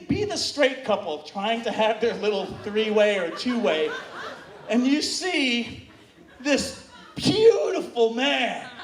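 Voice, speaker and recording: A man telling a bawdy story live on stage to an audience, animated and shouting out quoted moans. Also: very high-pitched. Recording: distant, roomy live recording with crowd noise.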